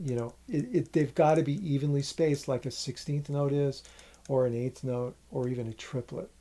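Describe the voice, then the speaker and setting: A man teaching a music lesson, patiently explaining a rhythm and counting its syllables out loud. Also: medium pitch, steady tone, normal speed, slight background noise.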